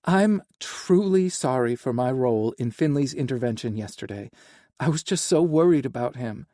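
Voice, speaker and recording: A man's voice: mid-range voice, animated, moderate pace, dark tone, dry recording, studio quality, natural voice. A man voicing a worried, eager young woman who talks breathlessly and hastily in an audiobook. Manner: breathless and hasty. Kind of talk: audiobook character voice.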